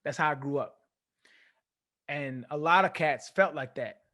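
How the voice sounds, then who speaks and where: A young man from California, a former pro football player telling a story as an interview guest, animated and acting out the voices he quotes. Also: fairly high pitch, unhurried.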